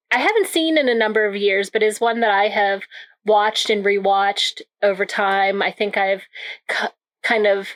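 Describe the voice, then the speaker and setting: A woman co-hosting a casual film podcast, giving her opinion in a measured, thoughtful way. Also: mid-range voice, rough recording. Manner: thoughtful, measured, with small restarts. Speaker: podcast co-host. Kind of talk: casual chat.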